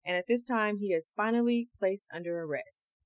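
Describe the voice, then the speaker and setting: A woman hosting a true crime podcast, telling the story in a casual, slangy, animated way and acting out the quotes. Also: medium pitch, moderate pace, no echo. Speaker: podcast host.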